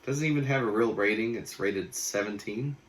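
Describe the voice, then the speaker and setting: A man's voice: on the low side, moderate pace. A young man co-hosting a movie review podcast, talking casually with a laid-back, sarcastic manner. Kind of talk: casual chat.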